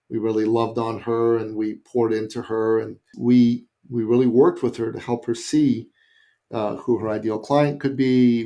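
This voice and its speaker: Podcast guest: middle-aged man from Canada, animated storyteller, even mid-pitched voice. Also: vocal fry. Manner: animated, acts out quoted voices.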